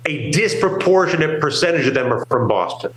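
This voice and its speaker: A man's voice: a little high, animated, brisk, fairly bright tone, roomy sound, rough recording. A man from New York co-hosting a talk show, rambling emphatically and acting out what other people say. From New York, USA. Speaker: co-host. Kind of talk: casual market talk show banter.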